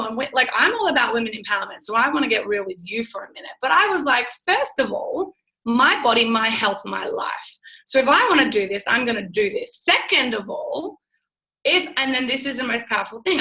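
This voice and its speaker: Bright, gushing young woman. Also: on the high side, rough recording. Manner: gushing, breathless enthusiasm with many restarts. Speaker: guest, network marketing business builder. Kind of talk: excited live-stream chat.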